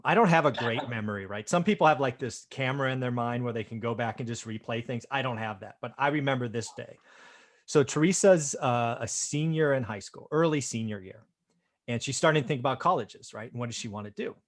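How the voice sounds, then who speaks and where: A middle-aged man hosting a casual chat, telling a story in a self-deprecating, animated way and often tagging his lines with "right?". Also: mid-range voice, brisk. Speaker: host.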